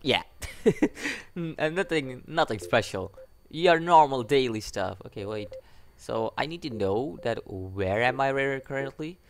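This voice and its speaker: A man's voice: medium pitch, lively intonation, a little slow, a little hiss or hum. A man giving casual let's-play commentary on a visual novel, chatty and self-mocking, laughing at himself as he reads. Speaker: gaming video creator.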